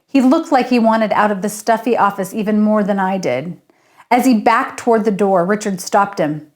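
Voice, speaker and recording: A woman, the author, reading her story aloud in steady first-person narration. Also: medium pitch, moderate pace.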